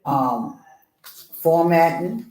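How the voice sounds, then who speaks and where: Animated woman telling her story, roomy sound. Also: deep voice, extremely slow. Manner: expressive, acts out voices in her story. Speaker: author guest.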